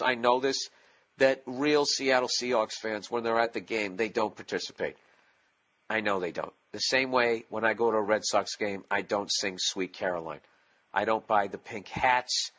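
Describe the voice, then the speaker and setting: A man's voice: on the low side, bright, forceful tone. A man hosting his own podcast, talking alone in a casual, profane, sarcastic rant. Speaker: podcast host. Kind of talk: casual solo podcast monologue.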